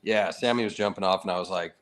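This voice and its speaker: A man hosting a casual livestream chat in a fairly low voice. He talks in a relaxed, easygoing way, laughs often and swears without a second thought. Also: quick pace. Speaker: livestream host.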